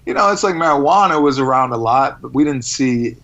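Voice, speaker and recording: A man telling stories as a guest in a casual interview, rambling and animated, with restarts. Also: medium pitch, fairly quick, muffled recording. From United States.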